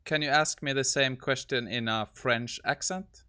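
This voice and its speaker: A man's voice: mid-range voice, normal speed, sharp tone, clean tone. A man hosting a tech video who comments casually on a demo and thinks aloud. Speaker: host.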